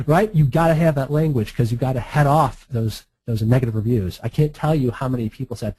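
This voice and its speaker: A man's voice: medium pitch, moderate pace, warm tone, slightly rough, dry recording, poor audio. A man walking through a screen-share marketing tutorial in a chatty, breezy way, with frequent laughs and asides. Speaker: online marketing instructor.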